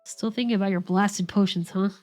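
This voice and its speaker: A woman's voice: medium pitch, fairly even intonation, fairly quick, a little mellow, faint music behind, lightly acted. A woman voicing a small, blunt, scolding floating companion creature, reading the lines aloud in her own voice.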